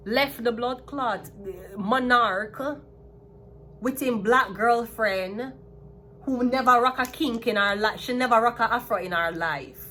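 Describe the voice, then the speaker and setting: Taking it slowly, a Jamaican woman in her thirties reads tarot in a fairly high, pushed, bright voice, with a little hiss or hum present. She is casual and emphatic, talking animatedly and going back over her points.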